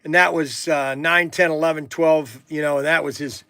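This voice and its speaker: A man's voice: on the high side, steady tone, moderate pace, bright, forceful tone, no room sound. A middle-aged man hosting a livestream from a warehouse, chatting casually and telling folksy stories full of fillers and restarts. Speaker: livestream host. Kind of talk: rambling casual livestream chat.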